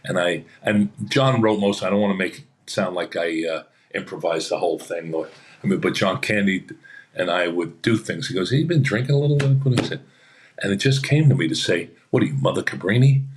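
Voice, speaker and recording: This deep-voiced man talks at a moderate pace, with a little hiss or hum in the recording. As an actor guest on a podcast, he spins rambling, chatty anecdotes and performs what others said.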